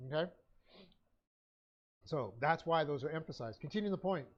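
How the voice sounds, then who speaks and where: Heard through a dull, lo-fi stream, a Bible study leader reads out his notes in a somewhat high voice with lively intonation. He stumbles along, constantly saying "uh," restarting, and correcting himself.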